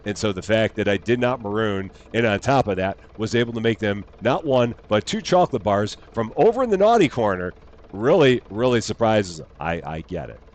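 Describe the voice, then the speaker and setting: Talking a little fast with lively intonation, a man with a lowish voice streams a game. He keeps up a playful, jokey running commentary and reads its on-screen text out loud.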